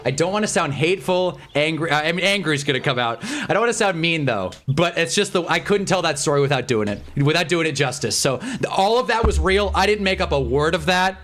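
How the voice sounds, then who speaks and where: A young man livestreaming, telling a rambling, animated, self-mocking story in casual chat. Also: fairly high pitch, a little fast, hardly any pauses. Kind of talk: casual storytelling on a live stream.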